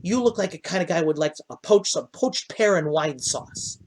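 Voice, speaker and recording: A man's voice: fairly high pitch, animated, normal speed, a little mellow, breathy edge, voice pushed up. Man putting on a chirpy fussy gnome host. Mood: eager. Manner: eager, insistent, stammers. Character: cheerful fussy male gnome innkeeper, hospitable.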